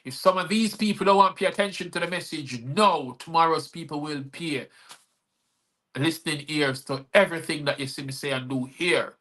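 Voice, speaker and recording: A man's voice: fairly high pitch, normal speed, sharp tone. A man hosting a live-streamed show, talking in a rambling, earnest way with many fillers. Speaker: host and poet.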